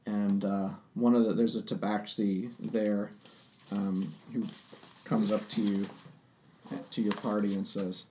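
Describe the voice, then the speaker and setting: Low-voiced man running a tabletop game. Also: unhurried. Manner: relaxed, hesitant, many ums. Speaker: game master.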